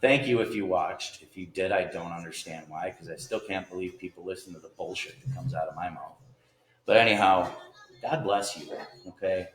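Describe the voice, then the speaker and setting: This is a man's deep, unhurried voice rambling through a homemade vlog. He drifts between earnest reflections and sudden hearty outbursts, folksy and unscripted. The room rings back with echo, and a faint hiss sits under everything. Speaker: vlogger. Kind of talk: casual rambling monologue.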